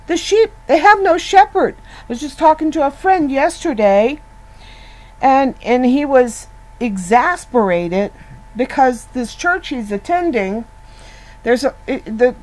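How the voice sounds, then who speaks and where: A woman teaching from scripture in a slow, unhurried voice that sits a little high. She talks earnestly and conversationally, circling back and restarting her phrases as she works through a point. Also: darkish tone, poor audio. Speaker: Bible teacher. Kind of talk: informal Bible teaching.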